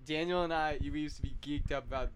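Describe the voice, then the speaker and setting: A man's voice: on the high side, steady tone, fast, a crowd in the background. A young man co-hosting a casual podcast, laughing and hyping up songs as they play. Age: young adult. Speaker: podcast co-host. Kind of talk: casual chat. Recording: music playing in the background.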